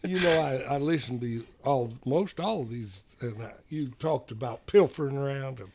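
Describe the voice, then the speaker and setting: A man's voice: mid-range voice, moderate pace, background noise. A man from Ohio with a Southern Kentucky accent, a podcast guest telling rambling folksy stories in casual chat.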